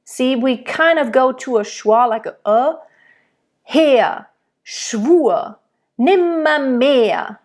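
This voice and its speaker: Woman voice teacher, high voice, unhurried delivery, diction coaching. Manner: demonstrates lines by singing them. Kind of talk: singing diction lesson.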